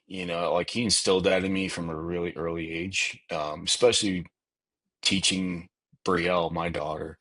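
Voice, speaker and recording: A man's voice: low voice, fairly even intonation, moderate pace, fairly bright tone. A middle-aged man talking as a podcast guest, rambling and leaning on "you know" fillers. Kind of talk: casual conversation.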